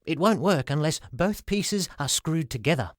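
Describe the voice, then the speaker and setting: A man's voice: a little high, expressive, normal speed, no room sound, studio quality, voice pushed up, natural voice. A man voicing a short, bald, friendly little inventor who talks politely and hesitantly. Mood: eager.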